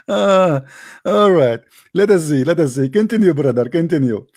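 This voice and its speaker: A man's voice: a little high, expressive, a little fast, dark tone, no room sound. Scornful man with dry close sound. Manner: scornful, insulting, laughs at his opponent, non-native grammar. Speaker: commentator reacting to a debate clip. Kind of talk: mocking reaction commentary.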